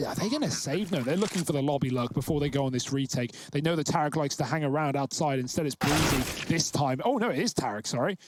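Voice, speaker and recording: Male esports caster, live play-by-play, quick analytical calls, slightly high voice. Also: animated, noisy background. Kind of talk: live game commentary.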